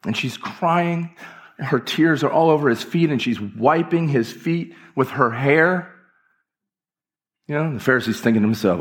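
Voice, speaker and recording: A man's voice: a little high, big pitch swings, measured pace. A male pastor delivering an impassioned, emphatic church sermon with repeated phrases. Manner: impassioned, emphatic preaching with repetitions.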